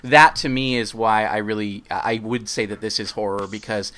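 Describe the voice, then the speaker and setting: A man with a fairly low voice hosts a podcast, talking casually and reading a short story aloud. Between remarks he comes across as chatty and upbeat. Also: fairly even intonation, moderate pace, fairly bright tone, slight background noise. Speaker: podcast host.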